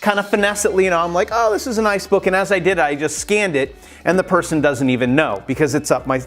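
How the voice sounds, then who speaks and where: Man, high voice, casual vlogger, lively tips, light music underneath. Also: fast talker. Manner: chatty and animated, acts out quoted exchanges. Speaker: YouTube creator. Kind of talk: casual how-to vlog.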